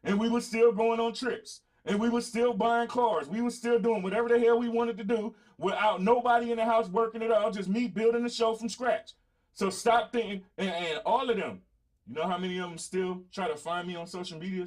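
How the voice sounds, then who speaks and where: A middle-aged man with a Southern drawl talks straight to his viewers, boastful and confrontational, swearing freely. His voice sits a little high for a man. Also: fairly even intonation, a little fast. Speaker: podcast host. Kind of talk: blunt casual monologue to viewers.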